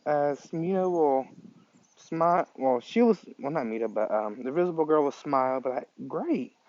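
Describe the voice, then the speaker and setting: A man improvising a fan story aloud, halting often with fillers. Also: fairly high pitch, a little mellow, no room sound. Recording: dull lo-fi recording.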